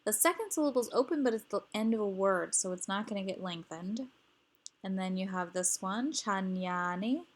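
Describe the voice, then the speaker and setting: A woman's voice: medium pitch, expressive, brisk. A woman teaching grammar rules, explaining patiently and repeating each example word.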